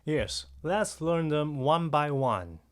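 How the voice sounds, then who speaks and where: A woman co-hosting a podcast lesson with a low voice that rises and falls a lot. She speaks slowly, asks leading questions and guides the practice along. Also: animated. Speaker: podcast co-host.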